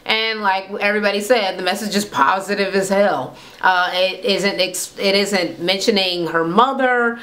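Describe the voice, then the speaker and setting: A woman vlogger talks through a reality TV episode in a loose, gossipy rant, swearing freely and throwing in sarcastic asides. Her voice sits at a middle pitch. The room around her rings with noticeable echo. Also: normal speed, hardly any pauses, fairly bright tone. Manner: blunt, profane, gossipy and sarcastic. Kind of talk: casual rant recapping a reality show. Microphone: camera mic. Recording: echoey room.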